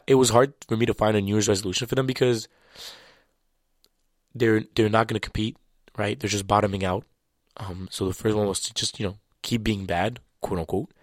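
A man whose first language is French talks basketball in a loose, chatty way, full of slang and restarts. His voice sits fairly low. The sound is dry and close, with no room echo. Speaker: basketball commentator. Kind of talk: casual sports talk.

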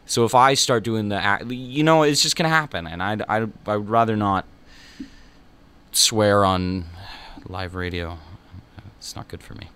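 A man's voice: on the low side, measured pace, long pauses, fairly bright tone, clean tone. A young man hosting a college radio show, chatting in a rambling, self-mocking way between songs. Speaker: radio host. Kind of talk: casual radio talk.

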